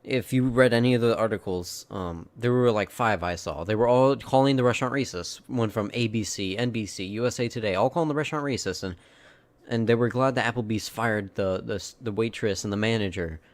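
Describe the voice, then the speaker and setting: A man's voice: lowish voice, fairly quick. A man hosting a casual video commentary, talking through clips in an opinionated way and mimicking the people he quotes. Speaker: commentary host.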